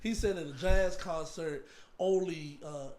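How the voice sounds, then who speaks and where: A man who plays keys in church, telling stories in casual podcast chat, animated and laughing often. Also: fairly high pitch, measured pace. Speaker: church keyboard player.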